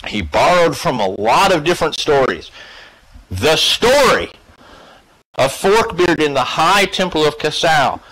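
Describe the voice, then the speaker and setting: A man lecturing a class in a casual, swearing style. His voice is fairly high and bright, and it swings widely in pitch as he lays out his points slowly. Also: poor audio. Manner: profane, animated and emphatic. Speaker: class teacher.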